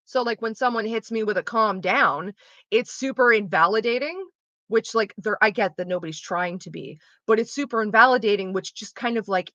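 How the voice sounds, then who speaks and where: A woman's voice: medium pitch, a little fast, bright, forceful tone, no echo. A young woman streamer chatting casually and frankly while she plays, explaining things and swearing freely. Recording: dull lo-fi dry sound.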